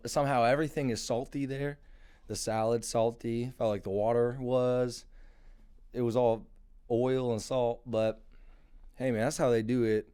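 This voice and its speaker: A man's voice: on the low side, darkish tone, clear, resonant tone. A young man in his twenties hosting a solo podcast, rambling and swearing in a mocking, casual rant. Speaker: podcast host.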